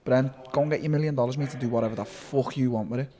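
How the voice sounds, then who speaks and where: A man, speaking as a guest in a casual sit-down interview, telling stories in a rapid, animated way with lots of swearing and restarts. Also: medium pitch. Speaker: interviewee, fighter.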